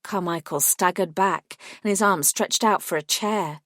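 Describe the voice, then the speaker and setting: A woman reading a first-person fantasy audiobook in a measured, even storytelling voice. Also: fairly low pitch, dry recording, studio quality. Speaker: audiobook narrator.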